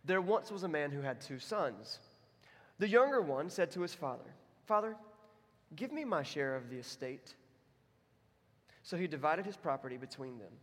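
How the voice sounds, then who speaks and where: A man's voice: on the high side, expressive, moderate pace, pauses often, a bit bright, husky, big-room sound. A man preaching a sermon as pastor, in a conversational, self-deprecating way. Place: church.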